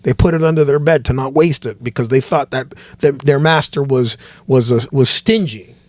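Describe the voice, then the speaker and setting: A pastor guesting on a casual podcast, talking in an animated, preachy way and often restarting his phrases. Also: medium pitch, normal speed, dry recording.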